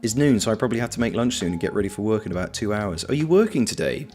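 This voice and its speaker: Streamer host, man, low-pitched, easygoing chat with viewers, faint music underneath. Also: expressive, rapid-fire. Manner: chatty, reads chat messages aloud and answers viewers. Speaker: livestream host. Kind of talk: casual livestream chat. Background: soft lo-fi background music.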